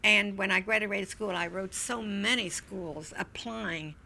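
An older woman, an interview guest, recounting memories in a reflective, halting way. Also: medium pitch, gravelly, sharp tone. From Wilmington, Delaware, US. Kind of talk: oral history recollection.

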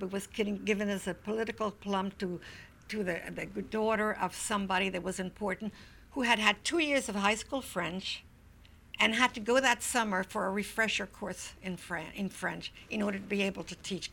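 An older woman, an interview guest, recounting memories in a reflective, halting way. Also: mid-range voice, steady tone, vocal fry, pushed and bright, slight background noise. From Wilmington, Delaware, US. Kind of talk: oral history recollection.

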